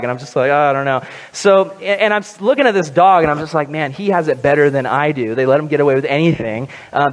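Preaching man in an echoing hall. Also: fairly high pitch. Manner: conversational, animated, humorous. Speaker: pastor. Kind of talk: sermon. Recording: long hall reverb.

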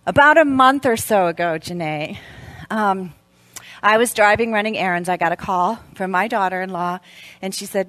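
A woman in her fifties speaking at a women's church event, telling a story in an animated way and laughing often. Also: medium pitch, normal speed, dry recording.

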